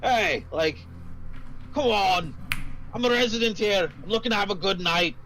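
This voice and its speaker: Guy doing a sloppy drunk dude, slurry, higher and louder than normal. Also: normal speed, a little hiss or hum. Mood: pleading. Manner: slurring, pleading. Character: loud drunk grown man at a bar.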